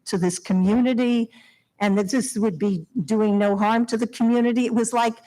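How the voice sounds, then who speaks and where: A woman's voice: on the high side, steady tone, moderate pace, mellow, poor audio. Older woman, emotional plea at a podium. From Long Island, New York. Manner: emotional, heartfelt pleading with nervous laughs. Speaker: resident speaking at public hearing. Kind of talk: public comment at town meeting. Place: town hall meeting room. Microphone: podium microphone.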